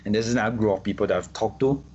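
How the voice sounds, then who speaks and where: A man's voice: lowish voice, racing, a little mellow, a little hiss or hum. A man from Singapore giving his views in casual talk, stumbling and repeating words often. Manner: repeats words often, many restarts and fillers. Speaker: interviewee. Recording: dull lo-fi sound.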